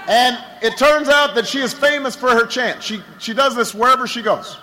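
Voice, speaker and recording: A political candidate with a very high-pitched, sharp voice gives a campaign rally speech at a measured pace, caught in a rough recording with a little hiss or hum. He tells a story full of repetition and rhetorical build, stammering into restarts.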